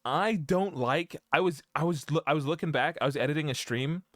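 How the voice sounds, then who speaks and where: A man's voice: a little high, a little fast, fairly bright tone, dry recording, clean studio sound. A young man chatting casually on a live stream while he plays, rambling and breaking into giggles. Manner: giggly, keeps breaking into laughter; rambling, self-interrupting. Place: home room.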